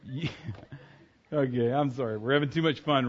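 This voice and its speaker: A man preaching a sermon in church, talking casually and joking with the congregation, now and then breaking into loud acted shouts. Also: mid-range voice, moderate pace, highs cut off. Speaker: pastor. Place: church sanctuary.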